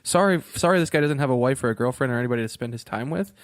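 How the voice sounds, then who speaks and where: A man from Virginia, co-hosting a casual podcast in a mid-pitched voice. He rambles, mocks himself and swears offhandedly, laughing often. The sound is dry and close-miked. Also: animated, racing, dry recording. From Virginia, USA. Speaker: podcast co-host.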